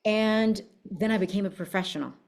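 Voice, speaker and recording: Woman business coach, casual motivational talk, mid-pitched, brash, profane, fired up. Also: brisk, gravelly, darkish tone. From United States. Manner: blunt, profane, fiery storytelling.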